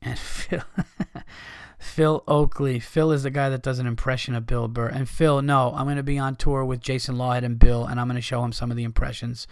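A man's voice: medium pitch, level tone, fairly quick, clear, resonant tone, no room sound, studio quality. A man hosting a comedy podcast, talking casually in a profane, heated rant.

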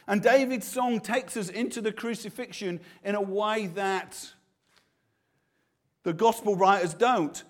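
High-voiced man preaching a sermon. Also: measured pace. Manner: earnest, with frequent restarts and repeated words.

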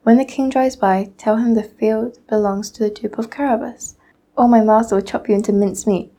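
A crafty, bossy male cat from a storybook, quick to give orders and full of schemes, as a teenage girl reads him. The voice is dark and mellow with a gravelly edge. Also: on the high side, fairly even intonation. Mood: commanding.

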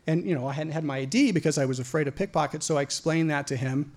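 A man from Idaho telling a personal story to an audience, animated and profane, often stumbling into repeated words. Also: a little high, fast talker, hardly any pauses. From Idaho, USA.

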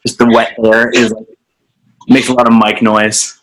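A man's voice: medium pitch, little pitch movement, normal speed, noisy background. Teasing male podcast host. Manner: teasing, dry joking. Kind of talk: casual chat.

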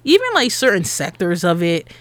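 Woman co-host, blunt and animated, lots of slang and swearing, dry close sound. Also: fairly low pitch, normal speed, dry recording. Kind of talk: casual chat.

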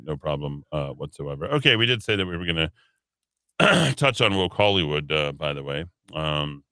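Sarcastic male talk radio host, bright tone. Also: deep voice, no echo. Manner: reads headlines then adds sarcastic asides. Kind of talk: casual talk radio, reading news.

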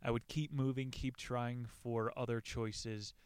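A man's voice: medium pitch, little pitch movement, unhurried, clear, resonant tone. A man casually retelling a survival story, joking and swearing freely as he reads passages aloud. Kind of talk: casual retelling with quoted readings.

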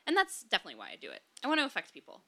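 A woman's voice: mid-range voice, huge pitch swings, rapid-fire, gravelly, bright, forceful tone. A woman actor chatting as a podcast guest, chatty and self-deprecating with giggly asides. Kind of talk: casual chat.

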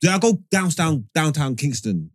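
A man's voice: fairly high pitch, very animated, normal speed. A man talking casually on a live-streamed show, using British street slang and restarting his sentences often. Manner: British street slang, restless self-corrections.

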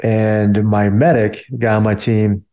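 A man's voice: lowish voice, level tone, unhurried, mellow. A man and army veteran telling a story casually, filling his talk with "like" and "you know". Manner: loose, filler-heavy talk with many "like" and "you know".

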